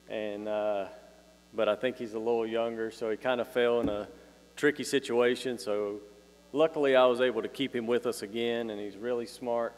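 Halting man in a church hall. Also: medium pitch. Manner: relaxed, halting, with many "uh" pauses. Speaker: children's ministry teacher. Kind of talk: casual address to a church congregation.

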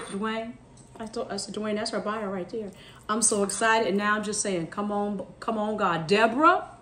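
A middle-aged woman talks straight to her viewers while she cooks, chatty and easygoing, at an ordinary middle pitch. She is in a home kitchen, and dishes and cutlery clatter faintly behind her. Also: slight background noise. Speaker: cooking vlogger. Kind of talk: casual chat while cooking.

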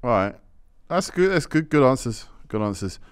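A man's voice: medium pitch, very animated, normal speed, clean tone. A man hosting a casual talk show, reading out listener questions in an easygoing way. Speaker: host.

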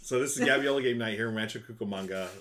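A man's voice: medium pitch, rapid-fire, fairly bright tone, a little hiss or hum. A man hosting a casual live stream from home, upbeat and thanking viewers by name as he chats.

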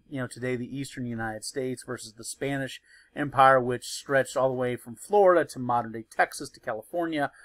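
A man's voice: mid-range voice, a bit bright, dry recording. A male history teacher lecturing in a loose, conversational way, with many fillers and restarts.

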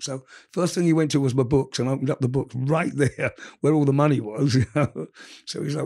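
A middle-aged man telling wild stories from his past in an interview, animated and full of swearing. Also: mid-range voice, creaky, breathy edge. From England. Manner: animated, profane, quick storyteller. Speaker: interview guest. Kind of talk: storytelling in casual conversation.

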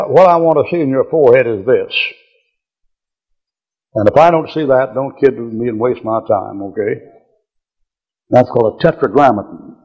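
An older man with a drawl teaches scripture, blunt and folksy, tossing out chuckling asides. His voice is gravelly and a little husky at a middling pitch. It comes through a dull, muffled old lecture tape. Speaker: preacher.

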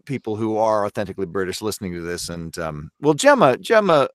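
A man's voice: on the low side, sing-song, fairly quick, no echo, clean studio sound. A man from Canada, a voice actor guest, talking earnestly and self-critically in a casual podcast interview.

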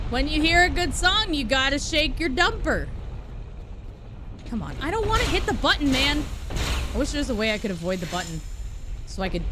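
A woman streaming a video game live, chatting with viewers, swearing and yelling at enemies. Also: fairly high pitch, noisy background. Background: game music.

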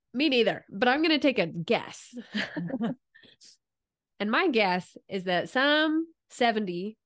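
A woman hosting a faith podcast, who muses earnestly and speaks in bursts of emphasis. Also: medium pitch. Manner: earnest and musing, with frequent restarts and bursts of emphasis. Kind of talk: reflective faith conversation.

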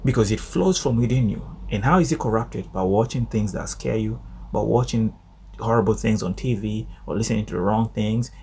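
Guy doing a bible study devotional, gravelly voice, animated, repeats stuff for emphasis. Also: fairly low pitch, normal speed, a little hiss or hum.

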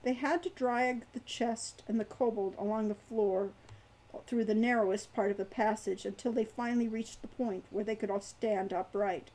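A woman reading her own fantasy novel aloud in a measured, expressive way. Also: a little high, low-quality recording.

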